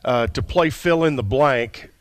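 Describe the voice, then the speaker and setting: Man, radio show host, brisk announcer delivery, dry studio sound. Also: mid-range voice, no room sound.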